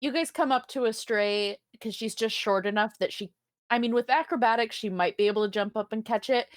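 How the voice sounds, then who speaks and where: A woman with a fairly high voice plays a tabletop game, describing what her character does between giggles. The sound is dry and close. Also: brisk, dry recording. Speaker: player. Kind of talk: casual tabletop game play.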